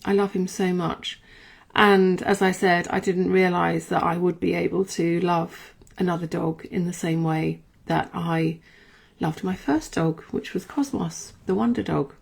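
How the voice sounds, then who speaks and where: A woman's voice: on the low side, fairly even intonation, unhurried, vocal fry, husky. A woman hosting a podcast and musing in a rambling, reflective monologue that keeps correcting itself. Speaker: podcast host.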